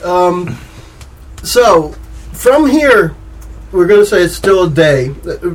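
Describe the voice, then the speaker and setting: Laughing game master with a high voice. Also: male voice, very animated, slow pace, rough recording. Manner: laughing often, rambling with restarts. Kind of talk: narrating a tabletop game.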